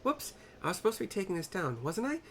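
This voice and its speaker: A man doing a squeaky flustered girl scribe. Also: very animated, fast talker, a little hiss or hum.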